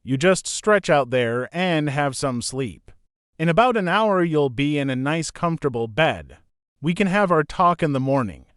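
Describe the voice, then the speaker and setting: A man's voice: fairly high pitch, animated, moderate pace, fairly bright tone, smooth, dry recording, studio quality. A man playing a teasing old grandfather. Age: older. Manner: joking, easygoing teasing. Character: teasing older man, kind grandfather driver.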